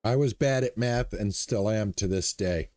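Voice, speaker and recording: Relaxed and chatty, a streamer comments live on his shop game, walking through his moves and talking with viewers between remarks. His voice is on the low side and measured in pace, with no echo.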